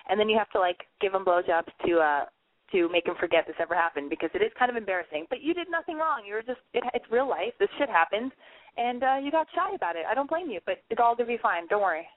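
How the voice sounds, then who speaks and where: A woman hosting a call-in advice podcast, blunt and excitable, swearing freely as she talks callers through their problems. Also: medium pitch, fast, dry recording. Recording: phone-like narrow sound, dry.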